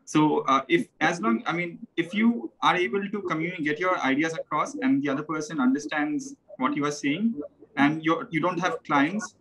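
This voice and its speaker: A man's voice: on the high side, normal speed, a bit bright, a little hiss or hum, rough recording. A man with an Indian English accent, a guest in a casual conversation, explaining things carefully step by step and often restarting his sentences.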